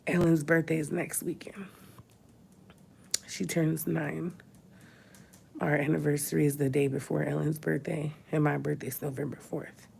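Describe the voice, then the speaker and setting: A woman's voice: deep voice, flat delivery, unhurried, gravelly, long pauses, a little mellow, a little hiss or hum. A woman, crying as she talks openly in a personal vlog from a hospital room. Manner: tearful, talks through crying. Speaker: vlogger.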